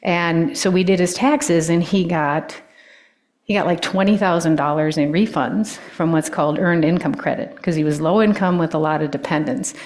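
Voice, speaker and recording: A woman, an older guest speaker giving a personal talk with stories, often pausing with ums and restarting sentences. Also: on the low side. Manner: warm storytelling, with frequent ums and restarts.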